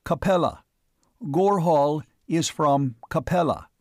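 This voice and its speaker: A man voicing a male historian from the far future who speaks an old language haltingly, searching for each word. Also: on the high side, a little mellow, no room sound, clean studio sound, voice pushed up. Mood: hesitant.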